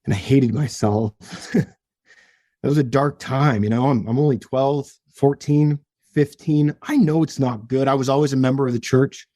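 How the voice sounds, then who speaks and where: A man's voice: mid-range voice, steady tone, moderate pace, warm tone, no echo. Young guy on a podcast, earnest and emotional, stumbles and restarts a lot, mid voice, dry sound. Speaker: podcast guest. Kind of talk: personal story in an interview.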